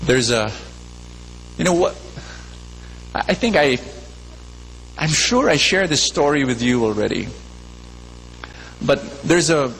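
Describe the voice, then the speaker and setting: A man's voice: a little high, expressive, slow pace, gravelly, long pauses, a bit bright. A man preaching a sermon in a large church, repeating phrases, questioning his listeners and telling a fable. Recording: long church reverb, faint hum.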